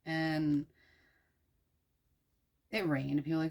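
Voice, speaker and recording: A young adult woman from the United States retells an old story while working with her hands, irreverent and profane. Her voice sits low and has a husky edge. She rambles with lots of fillers and asides. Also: steady tone, a little slow, pauses often, a little mellow. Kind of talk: casual storytelling while crafting.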